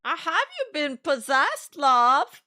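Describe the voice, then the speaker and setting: Woman, playful, enthusiastic, high voice with lively pitch, casual chat. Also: slow pace.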